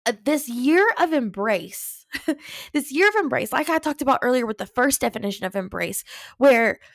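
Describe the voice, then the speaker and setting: A woman host, sharing an earnest personal faith reflection, animated and full of "like". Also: a little high, normal speed, vocal fry, no room sound, clean studio sound. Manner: earnest, animated, says "like" often. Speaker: podcast host.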